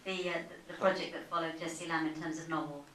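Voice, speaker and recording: Woman author, low flat voice, stops and corrects herself, echoey far mic. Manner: halting, self-correcting. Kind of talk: festival Q&A answer. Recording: roomy cinema from far off, faint hiss.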